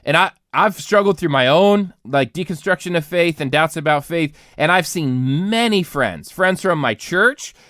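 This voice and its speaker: A man's voice: on the high side, lively intonation, moderate pace, few pauses, fairly bright tone, dry recording, studio quality. A congested man, a pastor co-hosting a podcast, talking earnestly in casual chat with many restarts.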